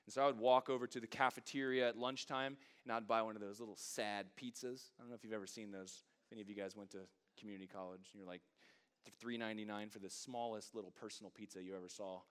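A man's voice: fairly low pitch, fairly even intonation, fast, clean tone. A middle-aged man pastor, delivering a sermon that moves from funny storytelling to fervent preaching.

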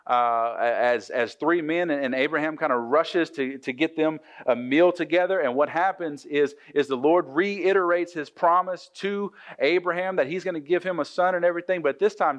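A man preaching a casual sermon, retelling scripture in a joking, conversational way with frequent restarts. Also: fairly high pitch.

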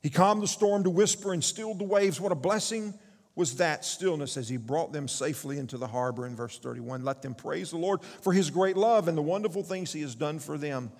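A man's voice: a little high, brisk, darkish tone, in a large hall. A man preaching a sermon, reading scripture aloud with rising emphasis and putting questions to the congregation. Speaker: pastor.

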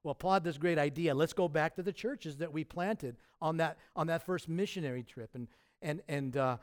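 A man preaching a sermon in a conversational, animated way, with loud emphatic peaks and asides. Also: fairly high pitch, normal speed. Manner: conversational, with fillers and restarts. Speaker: pastor.

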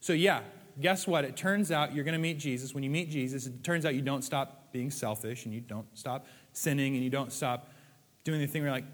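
A man's voice: medium pitch, a little fast, in a large hall. A man preaching a sermon in a conversational way, with playful acted asides. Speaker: pastor.

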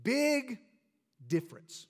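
A man's voice: extremely high pitch, big pitch swings, slow. A man preaching a sermon to his church with emphatic, rhetorical delivery. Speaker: pastor.

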